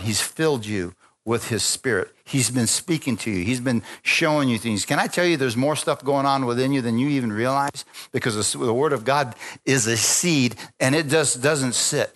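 Animated man preaching in church. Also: mid-range voice, moderate pace. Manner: lively storytelling preacher, acting out quoted voices, laughing often. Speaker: pastor. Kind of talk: sermon. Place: church sanctuary.

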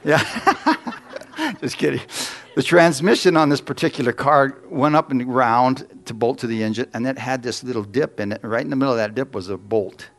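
A man's voice: mid-range voice, moderate pace. A middle-aged man preaching a sermon, telling folksy personal stories and putting questions to the congregation.

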